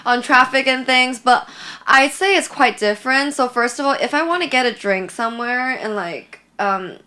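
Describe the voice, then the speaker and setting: Bright-voiced woman guest from Canada. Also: a little high, normal speed. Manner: relaxed, laughs easily, many "like" fillers. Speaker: guest, fashion designer. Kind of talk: casual interview chat.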